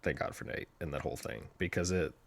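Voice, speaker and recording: A man, the show's editor and producer, joking around in casual podcast chat, lively and quick to slip into comic voices. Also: low-pitched, gravelly.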